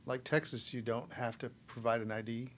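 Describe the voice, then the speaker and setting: A man's voice: mid-range voice, little pitch movement, fairly quick, slight background noise. A man on a podcast panel in casual chat, matter-of-fact and blunt in his asides.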